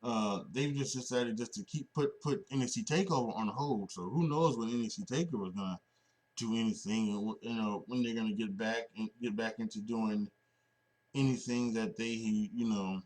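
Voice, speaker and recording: A man's voice: fairly low pitch, moderate pace, a little mellow. A man hosting a solo wrestling podcast, talking casually and rambling with many restarts and fillers. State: sleepy, yawning.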